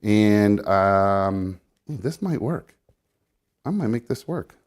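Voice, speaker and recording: Man, low-pitched, casual live-stream rambler, profane, self-narrating, slightly breathless. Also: expressive, takes it slowly, darkish tone. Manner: rambling, swearing, self-narrating while rolling. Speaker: live show guest rolling a blunt.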